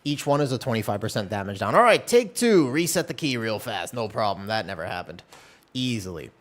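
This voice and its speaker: A man chatting casually on a live game stream from a room at home, in a relaxed, rambling, self-deprecating way. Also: on the low side, brisk. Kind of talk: casual live-stream chat while gaming.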